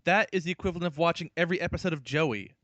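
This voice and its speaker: A man co-hosting a casual comedy podcast, wry and deadpan, firing off quick questions. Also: on the high side, no echo, dull audio. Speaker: podcast co-host.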